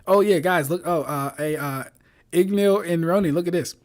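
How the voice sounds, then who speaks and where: High-voiced man mocking on a stream. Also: normal speed. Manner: mocking, exasperated, profane, repeats phrases, laughs often. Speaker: streamer reviewing fan debates. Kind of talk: casual livestream commentary.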